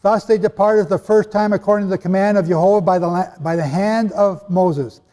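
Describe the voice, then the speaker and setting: A man preaching a sermon in a hall with an audience, animated and conversational, with asides to his listeners. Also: high voice, brisk. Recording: long hall reverb.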